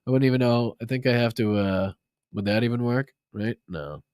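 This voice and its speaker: A sarcastic, foul-mouthed man with a Boston accent hosts a political livestream, mixing mockery with thank-yous to viewers. His voice sits in a middle pitch. The sound is dry and close, with no room around it. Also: moderate pace, a little mellow, smooth, no room sound. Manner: profane, sarcastic, mocking. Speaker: political commentary host. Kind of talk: livestream commentary and reading viewer donations.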